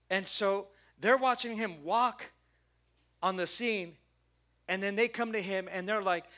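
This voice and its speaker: A man preaches a sermon with a high, ringing voice. He tells the story with drama and acts out its people. He swings between loud, emphatic lines and quiet, hushed ones. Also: unhurried. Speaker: pastor.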